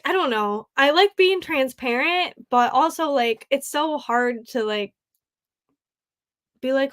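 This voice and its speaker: A woman's voice: high-pitched, expressive, takes it slowly, a bit bright. A young adult woman hosting a casual crafting livestream from home, chatty and tearful, laughing often and saying "like" a lot as she reads comments. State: tearful, grieving. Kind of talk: casual live chat, reading comments.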